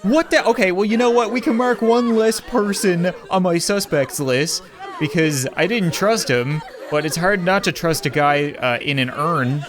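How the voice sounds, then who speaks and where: A young man giving comedic, excitable commentary on a life-sim game, often laughing and exclaiming. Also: sits high, a little slow, a crowd in the background. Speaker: gaming YouTuber.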